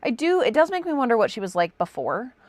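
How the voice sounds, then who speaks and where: Lively higher-pitched woman. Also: quick pace, dry recording. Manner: chatty, animated, fond of quoting characters. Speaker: podcast co-host. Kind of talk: casual book chat.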